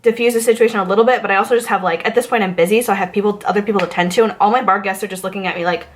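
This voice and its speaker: A woman from Massachusetts rants through a storytime vlog about bartending. She talks in a chatty, animated way, full of fillers and asides. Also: mid-range voice, rapid-fire, a little hiss or hum. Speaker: vlogger, former bartender. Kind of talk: storytime rant.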